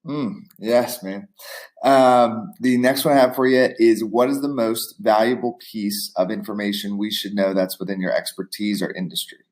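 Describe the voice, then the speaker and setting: A man's voice: lowish voice, steady tone, normal speed, darkish tone. A man in his twenties hosting a podcast, asking questions in a laid-back, casual way. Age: 20s. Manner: laid-back, says "dude". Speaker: podcast host. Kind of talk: casual interview talk.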